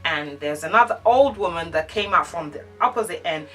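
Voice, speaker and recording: A woman vlogger telling an animated storytime, acting out the dialogue. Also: lowish voice, a little fast, distant mic, faint music behind. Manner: animated, acts out quoted dialogue. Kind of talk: casual storytime chat.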